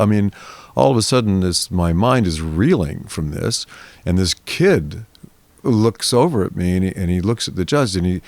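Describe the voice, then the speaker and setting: An older man in his seventies, a guest in an interview, telling a long story in a rambling, animated way and acting out the voices of people in it. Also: sits low, moderate pace, dry recording. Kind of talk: storytelling in a conversation.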